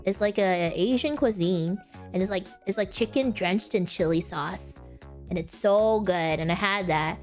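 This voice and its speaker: A young woman streamer answering viewer questions in a casual, rambling chat, often breaking into high giggles. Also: unhurried, faint music behind. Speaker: virtual streamer.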